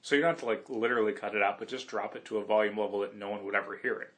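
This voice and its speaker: Wry joking man, mid-pitched. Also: steady tone, very fast, fairly bright tone. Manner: wry, joking, eating while talking. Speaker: podcast co-host. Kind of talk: casual chat.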